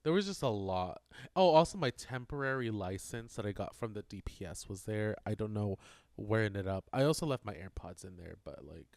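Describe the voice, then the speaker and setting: A man's voice: fairly low pitch, animated, brisk, creaky, a little mellow, no echo. A man telling a long rambling story in casual podcast chat, full of fillers and acted-out quotes. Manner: rambling, filler-heavy, mimics voices in anecdotes. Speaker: podcast co-host.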